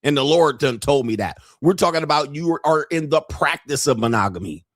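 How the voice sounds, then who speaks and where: A man's voice: fairly high pitch, lively intonation, brisk, no room sound, clean studio sound. A man in his fifties hosting a livestream, talking in a crude, joking, brash way. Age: 50s. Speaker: livestream host. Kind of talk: casual livestream commentary.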